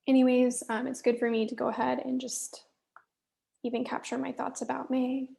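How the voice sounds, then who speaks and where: A woman recording a candid solo business check-in, angry and stressed, talking in halting bursts, swearing and sometimes dropping to a muttered whisper. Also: high-pitched, flat delivery, vocal fry, warm tone. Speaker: solo business vlogger reviewing her own work.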